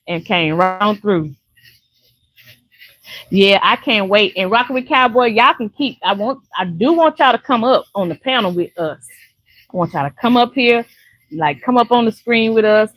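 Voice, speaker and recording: A woman's voice: mid-range voice, lively intonation, normal speed, no echo, rough recording. An older woman from Louisiana, chatting casually and laughing often with viewers on a live stream. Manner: chatty, laughs often, warm folksy talk.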